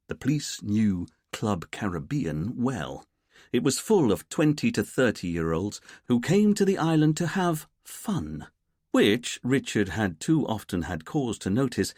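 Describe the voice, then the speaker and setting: A man with a mid-range voice narrates an audiobook from a script, steady and measured in his storytelling. The recording is studio quality with no room sound.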